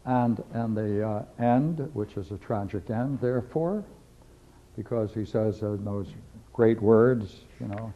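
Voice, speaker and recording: A man's voice: fairly low pitch, takes it slowly, mellow, a little hiss or hum. A man teaching a philosophy class, lecturing emphatically and repeating key phrases as he reads and discusses scripture. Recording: dull lo-fi videotape recording.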